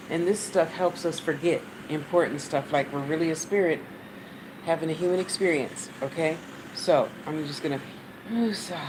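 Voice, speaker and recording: American lady, lowish voice, blunt and sweary, talking spirit stuff at home with a fan and traffic humming behind. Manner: blunt, swears freely, talks straight to the viewer. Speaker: spiritual channel host. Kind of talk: casual spiritual teaching.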